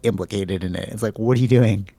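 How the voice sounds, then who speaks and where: A man's voice: fairly low pitch, fast, mellow, dry recording. A man co-hosting a podcast, chatting casually and rambling, leaning on "like" and "bro". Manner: rambling, filler-heavy, says "like" and "bro" a lot. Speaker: podcast co-host.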